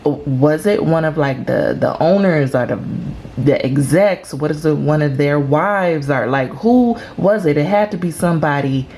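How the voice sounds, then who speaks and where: Chatty, lower-pitched woman dishing gossip. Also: animated, a little slow, dark tone, a little hiss or hum. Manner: chatty and emphatic, with dramatic reactions. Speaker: celebrity gossip channel host. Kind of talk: casual gossip commentary.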